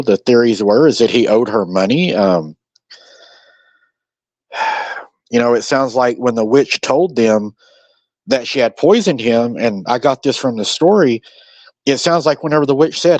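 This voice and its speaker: A man hosting a podcast in casual conversation, musing out loud and acting out quoted lines as he speculates. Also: mid-range voice, dry recording. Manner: speculative, acts out quoted dialogue. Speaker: podcast host.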